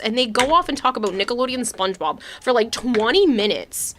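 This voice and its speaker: A woman's voice: fairly high pitch, expressive, normal speed, hardly any pauses, fairly bright tone, a little hiss or hum. A young adult woman streaming, telling stories in a chatty way and laughing often. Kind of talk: casual gaming stream chat.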